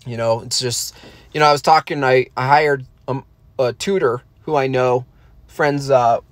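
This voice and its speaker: A man streaming as he draws, talking in a rambling way with deadpan jokes and trailing fillers. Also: medium pitch, normal speed, no echo. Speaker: artist streaming while drawing. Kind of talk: casual rambling stream chat.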